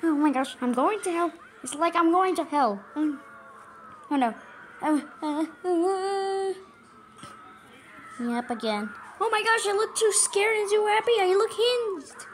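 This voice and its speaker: A woman voicing a squeaky, cheerful male cartoon mouse who rambles nervously while reacting to a video, breaking into frantic yelps. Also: unhurried, a little hiss or hum. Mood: panicked. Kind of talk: in-character reaction commentary.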